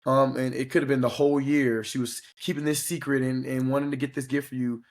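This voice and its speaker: A man's voice: mid-range voice, little pitch movement, fast. Earnest rambling man podcast co-host. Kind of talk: casual chat.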